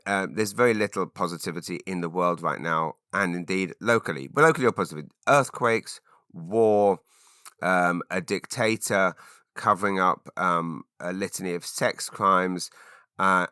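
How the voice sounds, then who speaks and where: Low-voiced rambling British man. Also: moderate pace, pushed and bright, smooth, no room sound, clean studio sound. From England. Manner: rambling, self-deprecating, lots of fillers and restarts. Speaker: podcast host. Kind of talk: solo podcast monologue.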